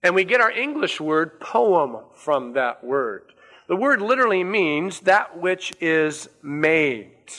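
A man preaching a sermon as a pastor, stressing and repeating key words with slow, deliberate emphasis. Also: fairly high pitch, sing-song, a bit bright.

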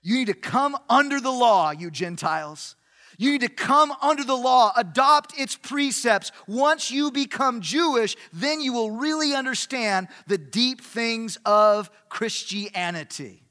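A man voicing pushy male religious teachers who pitch the law like a sales pitch, recorded with long hall reverb. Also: measured pace, sharp tone, full character voice. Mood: wheedling pitch.

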